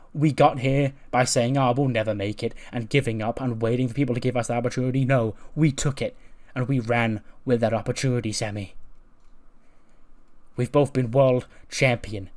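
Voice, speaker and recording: A man's voice: mid-range voice, darkish tone, natural voice. A man voicing a passionate male pro wrestler who gives his best friend a rousing pep talk in a game storyline. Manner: emphatic, rousing speech.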